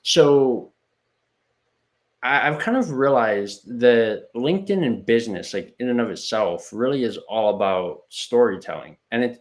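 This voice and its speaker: A man with a lowish voice hosts an interview conversation. He affirms his guest often and his questions wander, stopping and restarting as he goes. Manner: affirming and meandering, with repeated restarts. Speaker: show host.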